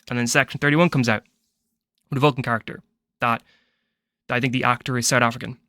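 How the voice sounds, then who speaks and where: An Irish man rants his way through a casual film review, opinionated and rambling, often doubling back on his words. His voice sits at an ordinary middle pitch. The sound is close and dry, with no room around it. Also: fairly bright tone, no echo. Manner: rambling, opinionated ranting with frequent restarts.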